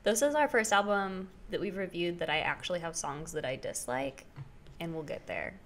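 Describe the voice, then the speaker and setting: A woman's voice: fairly low pitch, moderate pace, slight background noise. A young woman co-hosting a casual podcast, chatty and jokey, laughing often. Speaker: podcast co-host. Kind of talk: casual chat.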